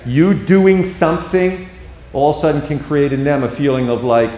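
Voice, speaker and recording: Animated pastor giving a casual class lecture. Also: male voice, fairly high pitch, normal speed. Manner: animated, acts out quoted speech with expression; casual, asides like "you know what I mean". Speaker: pastor teaching a Bible institute class.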